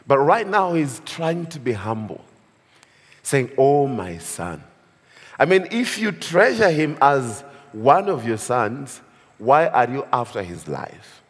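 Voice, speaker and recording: A man's voice: medium pitch, big pitch swings, takes it slowly, husky. A man explaining scripture as a Bible teacher, speaking with emphasis and chuckling now and then. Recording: long hall reverb.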